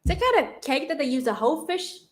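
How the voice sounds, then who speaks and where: A woman with a Vietnamese accent hosts a relaxed livestream chat. Her voice sits a little high, and she often repeats words while searching for the next one. She breaks into frequent laughs. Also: a little fast. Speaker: livestream host.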